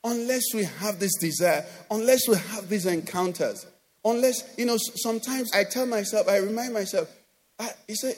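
A man with a Nigerian accent preaching a sermon as pastor, animated, acting out quoted voices and often asking "do you understand?". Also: high voice, normal speed. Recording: long hall reverb.

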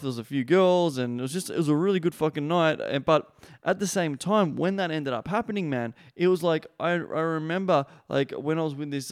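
Blunt man telling a story. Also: a little high. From Australia. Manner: blunt, swears freely, many fillers like "man" and "like". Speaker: podcast host. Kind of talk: casual storytelling monologue.

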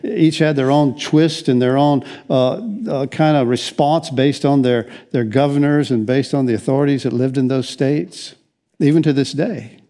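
A man's voice: mid-range voice, fairly even intonation, moderate pace, warm tone. An older man preaching a conversational sermon as pastor, rambling along with frequent restarts and wry asides.

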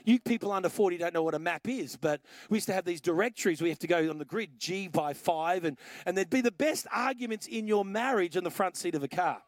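A man's voice: high-pitched, lively intonation, quick pace, hardly any pauses, dry recording, clean studio sound. A middle-aged Australian man preaching a sermon as pastor, telling stories in punchy, conversational phrases.

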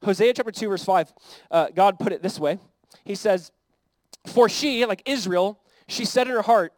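Earnest, high-voiced American pastor preaching. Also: male voice, normal speed, no room sound, poor audio. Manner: conversational, earnest preaching with acted-out quotes. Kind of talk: sermon.

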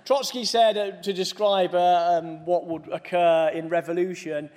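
A man's voice: sits high, steady tone, a little slow, a little mellow. A man giving a conference keynote speech, mixing serious points with humorous asides to the audience. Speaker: conference speaker.

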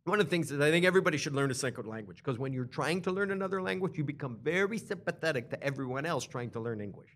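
A man chatting casually, telling animated stories and mimicking other people, laughing often as he talks. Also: fairly high pitch, very fast, hardly any pauses. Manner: animated storyteller, mimics others in put-on voices; laughs often while talking. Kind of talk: casual chat.

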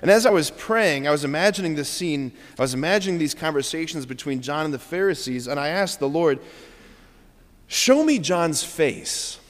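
A Catholic priest giving a Sunday homily in an animated way, often checking in with the congregation by asking "right?". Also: male voice, fairly high pitch, quick pace, hardly any pauses. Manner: animated, frequent "right?" asides. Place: large church. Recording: reverberant church hall.

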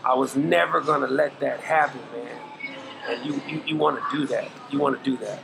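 Man, middle-aged, podcast guest, gravelly, earnest advice, slangy, music behind. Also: mid-range voice, brisk, rough recording. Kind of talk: casual interview chat.

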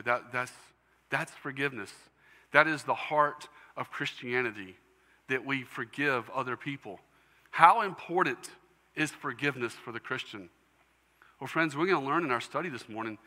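A man delivers a sermon in an earnest storytelling manner. His voice is sharp and bright. It rings out with a long reverb, as if in a church hall. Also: mid-range voice. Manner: earnest storytelling preacher, emotional at times. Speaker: pastor.

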